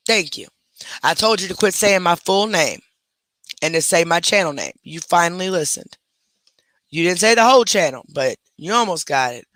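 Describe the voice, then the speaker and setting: A woman's voice: lowish voice, fairly bright tone, dry recording. A woman hosting a livestream, reacting defensively and with sass to a critic. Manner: defensive, sassy, chatty. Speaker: livestream host.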